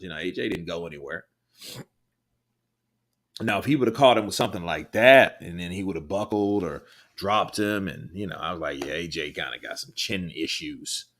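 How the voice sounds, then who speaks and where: Deep-voiced man chatting on a livestream. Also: fairly bright tone. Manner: loose, rambling, swears, laughs often. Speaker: livestream host reading chat. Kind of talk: casual live chat commentary.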